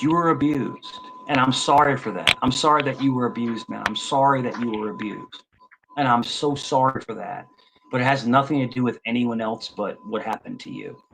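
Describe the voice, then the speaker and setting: A man's voice: medium pitch, gravelly, fairly bright tone, poor audio. Confrontational 50s guy on a call panel, keeps repeating himself, some background noise. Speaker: panel guest. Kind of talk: heated online panel argument.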